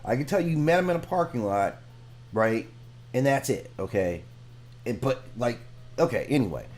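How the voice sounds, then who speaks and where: A man's voice: medium pitch, animated, normal speed, a little mellow. A man hosting a reaction video, giving frank, rambling commentary and repeating himself as he makes his points. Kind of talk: casual commentary.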